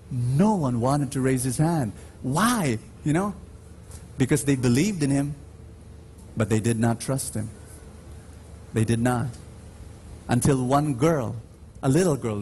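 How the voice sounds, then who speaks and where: Speaking at medium pitch with a slightly mellow tone, a preacher leads Mass in a large church amid slight background noise. He's emphatic and engages the congregation in call-and-response, drawing out stories slowly with dramatic rises.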